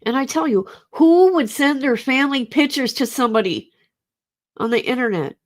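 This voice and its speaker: A woman's voice: high voice, expressive, normal speed. Grieving middle-aged woman livestreaming. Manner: emotional, rambling, swears. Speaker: livestream host. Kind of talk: casual livestream talk to chat.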